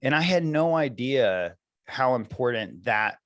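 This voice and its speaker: A man's voice: medium pitch, lively intonation, a little slow, dry recording. A man who coaches parents, talking earnestly and reflectively in a podcast conversation, with many fillers.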